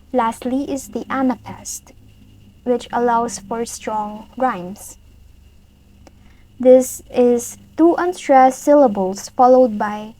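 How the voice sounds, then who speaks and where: A woman with a fairly high, mellow voice reads through a prepared lesson at an unhurried pace. She is careful and stops now and then to restart a word. The recording is close and dry. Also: no echo, rough recording. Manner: careful, slow reading with small restarts. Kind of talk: reading a prepared lesson aloud.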